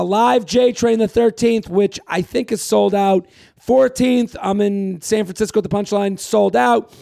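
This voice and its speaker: A man's voice: sits high, vocal fry, darkish tone, dry recording, studio quality. A man hosting a comedy podcast in casual chat, rambling and joking crudely while plugging his shows.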